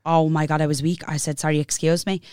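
A woman's voice: deep voice, fast talker, clear, resonant tone, dry recording, clean studio sound. Sweary young Irish woman telling a story. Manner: sweary, animated, playful impressions of others. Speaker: podcast co-host. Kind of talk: casual storytelling chat.

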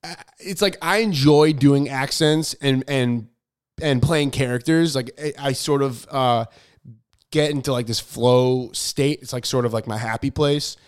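A man's voice: medium pitch, a little slow, smooth. A man hosting a podcast, telling a story in casual chat, rambling with lots of fillers and poking fun at himself. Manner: rambling, filler-heavy, self-deprecating. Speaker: podcast host.

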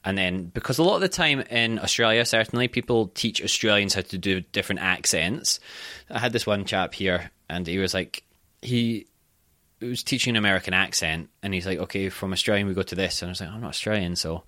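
A young Scottish actor chatting candidly on a podcast, swearing freely and telling animated stories. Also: male voice, sits low, brisk, dry recording, clean studio sound. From Scotland. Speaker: guest actor. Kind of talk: casual podcast chat.

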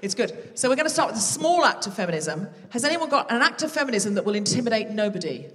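A woman's voice: fairly high pitch, big pitch swings, fast talker, recorded from a distance. Woman comedy host on stage, playful banter with the crowd; live reverberant hall, off-mic feel. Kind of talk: live stand-up crowd work. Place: large theatre with a live audience. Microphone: stage microphone.

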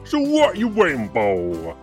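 A man's voice: on the high side, wildly swooping pitch, unhurried, soft background music. A man voicing a boastful, washed-up male country singer in a spoof radio advert, with folksy salesman patter. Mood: hammy pitch.

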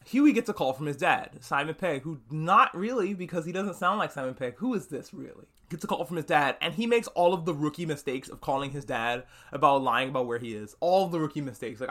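A man hosting a podcast, recapping a TV episode in casual, animated chat and swearing freely. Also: fairly high pitch. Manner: animated, swearing, acts out characters' lines. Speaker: podcast host.

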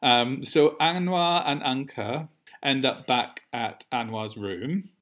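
A man's voice: mid-range voice, takes it slowly. Chatty man recapping a TV episode. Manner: animated, laughs often, swears casually. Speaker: podcast co-host. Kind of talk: casual chat recapping a TV episode.

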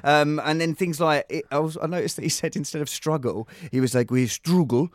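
A man's voice: a little high, brisk, no room sound. A man who works as an impressionist, chatting animatedly as a guest in a radio studio, full of "you know". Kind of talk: casual radio chat.

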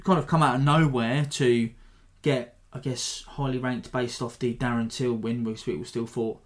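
A man hosting a podcast, giving a rambling, animated breakdown of a fight in a self-deprecating way. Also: medium pitch, normal speed. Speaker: podcast host. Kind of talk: casual fight analysis.

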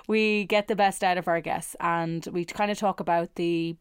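A woman's voice: lowish voice, steady tone, normal speed, clean tone, no room sound, clean studio sound. An Irish woman hosting a podcast, talking in a chatty, colloquial way. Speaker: podcast host. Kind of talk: casual podcast chat.

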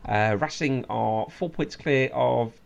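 Man hosting a football podcast, chatty, filler-heavy, mid-pitched. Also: slow pace, creaky, highs cut off, crowd noise. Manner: laughs often, many fillers, listing fixtures. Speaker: podcast host. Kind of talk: casual football chat.

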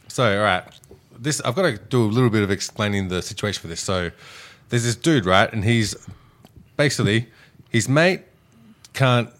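A man telling a rambling, profane story on a casual podcast, doing animated quotes. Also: mid-range voice. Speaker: podcast co-host.

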